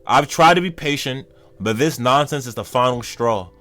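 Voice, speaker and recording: A man reading out the lines of wary adult hunters from a comic, in a lower, flat voice. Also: normal speed, faint music behind, lightly acted. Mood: fed up. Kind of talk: reading comic dialogue aloud.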